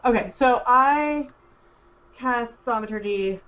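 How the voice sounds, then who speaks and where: A woman playing a tabletop role-playing game, describing her actions hesitantly with many pauses and ums. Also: a little high, a bit bright, dull audio. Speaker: player. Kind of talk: casual tabletop play.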